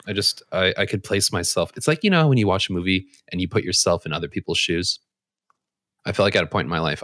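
Very deep-voiced deadpan man. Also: no echo, studio quality. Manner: deadpan, self-mocking. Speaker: podcast co-host. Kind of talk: casual chat.

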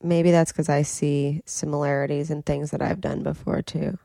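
Brief: young woman co-host, low and gravelly, dry close sound, chatty recapper. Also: little pitch movement, moderate pace, mellow, no room sound. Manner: chatty, mimics people in quoted voices. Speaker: podcast co-host. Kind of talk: casual chat recapping a reality show.

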